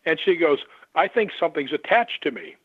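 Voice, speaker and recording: A man who investigates the paranormal, telling lively stories and acting out the voices of the people in them. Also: a little high, fairly quick, breathy edge, no room sound. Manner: animated anecdotes, acts out quoted voices. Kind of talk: storytelling on a radio call-in. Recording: tinny phone line.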